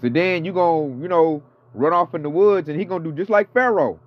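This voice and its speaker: Man, 30s-40s, casual street preaching, slangy, profane, higher voice, muffled lo-fi audio. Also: fairly quick. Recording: dull lo-fi audio with faint music.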